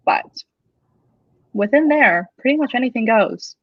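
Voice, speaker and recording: A young woman in her twenties, an author hosting a casual release-day chat, talking fast and loosely with many fillers. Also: a little high, lively intonation, dry recording, dull audio.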